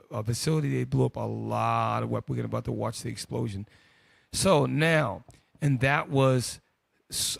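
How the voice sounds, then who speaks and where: A man's voice: mid-range voice, vocal fry, dry recording, studio quality. A man hosting a group discussion, commenting bluntly and casually on news clips. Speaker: host.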